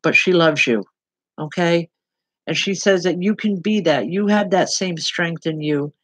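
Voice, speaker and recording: A woman's voice: fairly low pitch, measured pace, a bit bright, no echo, low-quality recording. A woman working as a medium, giving spirit readings online and speaking directly to people by name in an earnest, plain-spoken way.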